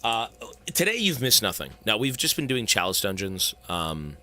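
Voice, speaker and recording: A man's voice: fairly low pitch, very animated, moderate pace, sharp tone. A young man streaming a game, chatting casually with viewers in a rambling, profane way. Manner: rambling, profane, talks to chat. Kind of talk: casual live-stream chat.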